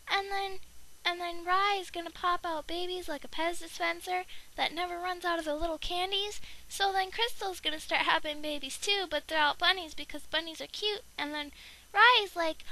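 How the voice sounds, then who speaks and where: Young woman, very high bright voice, rambling silly storyteller. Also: steady tone. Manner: giggly, rambling, playful nonsense with quick character voices.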